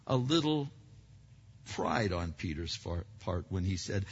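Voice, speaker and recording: A man's voice: sits low, sing-song, a little slow, breathy edge. Man preaching in an echoey hall. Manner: swings between loud emphatic and hushed delivery. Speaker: pastor. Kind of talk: sermon. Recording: dull echoey hall recording.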